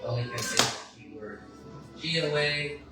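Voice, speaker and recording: A woman's voice: low-pitched, a little slow. A woman chatting and teasing her friend during a casual livestream. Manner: teasing, joking. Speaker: friend co-hosting the stream. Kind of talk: casual chat. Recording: echoey room with loud music behind.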